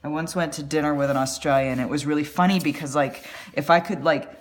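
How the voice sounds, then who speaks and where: A woman hosting a live drawing stream, chatting in a rambling way with quick asides. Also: sits low, steady tone. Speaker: artist and live stream host. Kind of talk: casual chat while drawing. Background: faint music.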